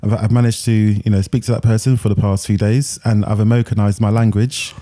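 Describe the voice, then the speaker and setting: A man's voice: fairly low pitch, little pitch movement, fairly quick, mellow. A man co-hosting a film podcast in casual chat, joking and laughing often. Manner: laughs often, loose and jokey. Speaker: podcast co-host. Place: London.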